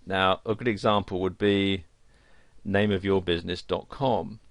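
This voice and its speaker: A man's voice: low-pitched, fairly even intonation, unhurried, no echo. A man narrating an online course tutorial, explaining step by step and listing examples. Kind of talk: screen-recorded tutorial narration.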